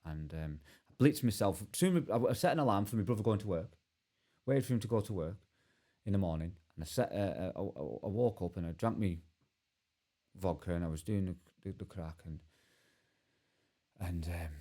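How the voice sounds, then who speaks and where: Man, candid guest storytelling, halting restarts, mellow dark tone. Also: deep voice, animated. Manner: earnest and halting, many restarts. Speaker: podcast guest.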